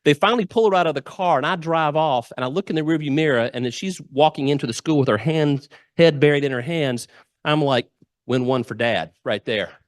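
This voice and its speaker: A man's voice: fairly high pitch, brisk, no echo, clean studio sound. A middle-aged man, giving a humorous storytelling speech and acting out the quotes. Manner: lively anecdotal storyteller, acts out quotes. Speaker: guest speaker. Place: club meeting room.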